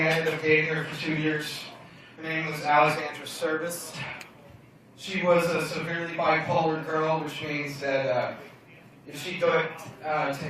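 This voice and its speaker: Young man, stand-up comic, brash and profane, bright tense voice, echoey bar heard from far off. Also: fairly high pitch, slight background noise. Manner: brash, profane, self-mocking storytelling. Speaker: stand-up comedian. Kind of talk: stand-up comedy set. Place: bar lounge stage.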